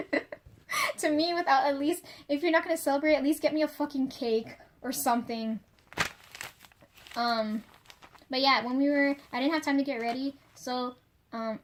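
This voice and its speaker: Young woman, kinda high voice, venting in a vlog, rambly, lots of "like" and cursing. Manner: rambling, heavy swearing, many fillers. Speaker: vlogger. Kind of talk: casual confessional rant.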